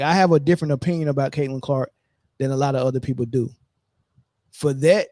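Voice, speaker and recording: A man's voice: a little high, warm tone, no echo, studio quality. A man hosting a sports podcast, giving casual, emphatic commentary and often asking "right?". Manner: emphatic, repeats himself, keeps asking "right?".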